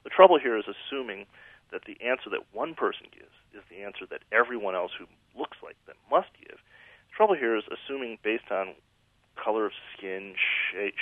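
A man's voice: fairly low pitch, no room sound. A man from the American Midwest, a guest author in a radio call-in interview, speaking earnestly and reflectively with frequent restarts over the phone. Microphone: telephone. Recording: tinny phone line.

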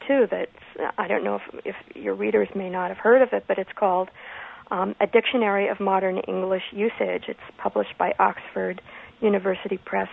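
A woman who writes about grammar, a guest on a radio call-in show, explaining usage in a measured, thoughtful way with short pauses. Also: mid-range voice, creaky. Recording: phone line.

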